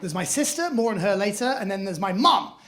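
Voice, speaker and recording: A man's voice: sits high, expressive, fairly quick, a bit bright. A man doing a stand-up comedy set on a club stage, telling self-mocking stories in a posh manner. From England. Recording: live club with audience noise.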